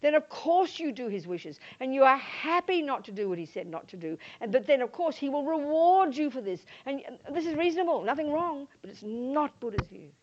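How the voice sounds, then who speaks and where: Older Australian woman, Buddhist nun, dharma talk, high swooping voice, dull lo-fi sound. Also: fairly quick, hardly any pauses. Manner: animated, acts out quoted voices. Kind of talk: dharma talk to a live audience. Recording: muffled lo-fi talk recording.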